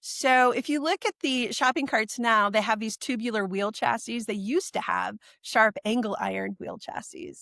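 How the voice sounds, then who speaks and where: This is a woman in her forties with a gravelly, creaky voice that sits a bit high. She speaks as a podcast guest, telling a personal story with animation and acting out other people's words. The recording is close and dry. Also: normal speed, few pauses, dry recording. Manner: animated, acts out quoted speech.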